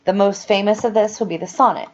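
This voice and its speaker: A woman's voice: medium pitch, fast, a little mellow, dull audio. A woman teaching a recorded lecture, explaining things step by step with some fillers and self-corrections.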